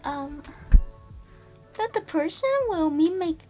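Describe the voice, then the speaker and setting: A woman's voice: very high voice, slow pace, mellow, soft background music. A woman streamer chatting casually and playfully with her viewers, rambling and greeting chat.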